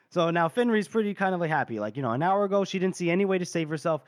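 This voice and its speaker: A man co-hosting a book podcast, retelling scenes with a lot of laughing. His voice sits a little high. The sound is dry and close. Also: expressive, rapid-fire, hardly any pauses, no room sound. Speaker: podcast co-host. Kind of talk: casual book discussion.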